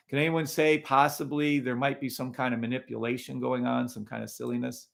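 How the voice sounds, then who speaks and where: A man's voice: medium pitch, level tone, normal speed, creaky. A man hosting a live trading stream, talking casually over charts and greeting viewers in the chat, often sounding incredulous.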